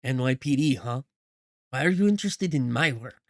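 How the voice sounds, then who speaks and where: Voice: mid-range voice, animated, moderate pace, dry recording, lightly acted. A suspicious male scientist, as a streamer reads him, pushes back with defensive questions. The sound is dry and close. It comes across as game dialogue read aloud.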